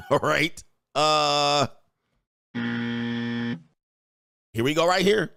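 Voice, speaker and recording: A man's voice: a little high, very slow, creaky, bright, forceful tone, smooth, no room sound. Blunt man with a dry close sound. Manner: blunt and crude, talks straight to the viewer. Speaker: commentator. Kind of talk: reaction commentary.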